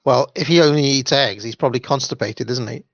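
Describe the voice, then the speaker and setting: A man's voice: medium pitch, fairly quick, a bit bright, a little hiss or hum. A man chatting casually as co-host, reading out the live chat and making wry, rambling asides. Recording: dry lo-fi sound.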